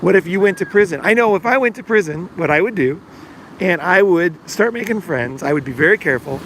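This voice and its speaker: Speaking a little fast in a high, fairly bright, expressive voice, a middle-aged life coach hosts his podcast with a meandering, filler-filled monologue. He acts out dialogue as he quotes it, over a faint hiss or hum.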